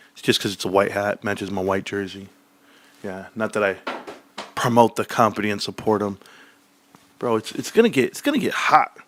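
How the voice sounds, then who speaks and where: A man's voice: medium pitch, pushed and bright, dry recording. A man hosting a livestream, talking in a brash, mocking way and swearing freely. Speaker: livestream host. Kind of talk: joking livestream commentary.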